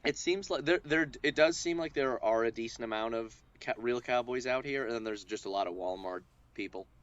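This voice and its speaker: A man's voice: medium pitch, brisk, lo-fi sound. A man co-hosting a podcast in casual chat, rambling and joking with plenty of restarts. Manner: rambling, restarts often, jokey. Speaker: podcast co-host.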